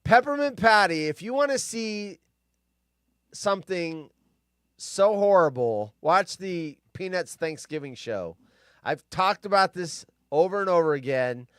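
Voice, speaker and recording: A man's voice: sits high, animated, unhurried, a bit bright, clean tone, no echo, clean studio sound. A man hosting a casual live stream, grumpy and profane, ranting and rambling.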